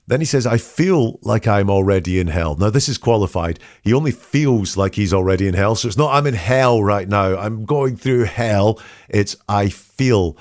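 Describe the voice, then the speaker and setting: A man hosting a podcast, analysing statements in a measured, questioning way and reading quotes aloud. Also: fairly low pitch, animated, darkish tone, no room sound, clean studio sound. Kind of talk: analytical commentary.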